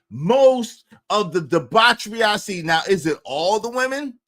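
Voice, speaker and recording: Man host, high voice, lively pitch, preachy, repeats himself, close dry mic. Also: unhurried, few pauses. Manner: preachy and emphatic, repeats lines for effect. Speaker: livestream host. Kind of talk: opinionated streaming rant.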